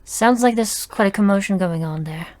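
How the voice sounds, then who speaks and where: A woman narrating a tabletop game as game master, halting and restarting as she describes the scene. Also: mid-range voice, darkish tone, dry recording.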